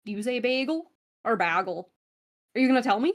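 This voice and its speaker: A woman's voice: a little high, lively intonation, a little fast. A woman with a Canadian accent rambling through a game-show turn, with lots of fillers and self-deprecating asides. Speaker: contestant. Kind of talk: casual game-show banter.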